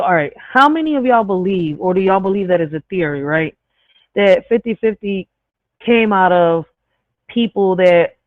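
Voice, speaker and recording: A woman with a medium-pitched, accented voice hosts her channel, talking casually to viewers while swearing freely and stumbling over and correcting words. There is no room sound, and the recording is tinny, dry, and phone-like.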